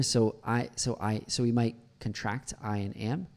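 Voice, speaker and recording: A man who teaches English, commenting on a video clip, explaining pronunciation in a relaxed way with many fillers and slow demonstrations of words. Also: on the low side, creaky.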